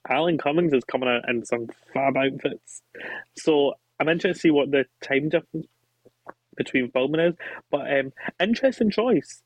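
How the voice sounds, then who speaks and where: A man guesting on a podcast, chatting in an animated, gushing way and acting out his own reactions. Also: a little high, moderate pace, no echo. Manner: animated, gushing, quotes himself with little gasps. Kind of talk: casual chat. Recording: dull lo-fi mic.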